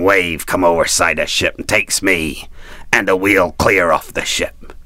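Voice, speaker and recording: Bold old pirate captain, boastful and growling, very deep and dry, as a man puts him on. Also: sharp tone, no echo. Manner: growling pirate talk with arr and me.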